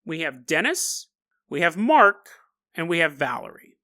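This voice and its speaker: A man's voice: fairly high pitch, sing-song, a little slow, bright, forceful tone. A man hosting a comedic storytelling podcast, joking and laughing often, with frequent asides to the listener. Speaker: podcast host.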